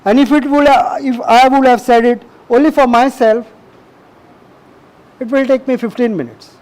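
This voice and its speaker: Middle-aged male preacher, high-pitched, emphatic and repetitive sermon delivery. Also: steady tone, normal speed, a little mellow, rough recording. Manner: emphatic, repetitive, asks the audience questions.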